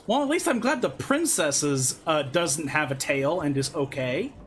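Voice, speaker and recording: A game streamer giving casual let's-play commentary, animated, with swearing and laughing asides. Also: mid-range voice, unhurried, a little hiss or hum.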